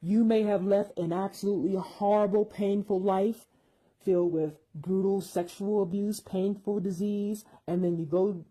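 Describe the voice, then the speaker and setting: A woman's voice: mid-range voice, fairly even intonation, moderate pace, dark tone, low-quality recording. A woman giving an emphatic, repetitive spoken monologue, dismissing claims with force.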